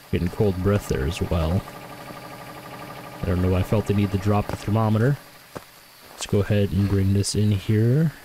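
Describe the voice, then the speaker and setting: Hunting a ghost in his game, this streamer sometimes speaks straight to it while he casually narrates, thinking out loud and correcting himself. His voice is on the low side. The recording is rough, with a faint hiss underneath.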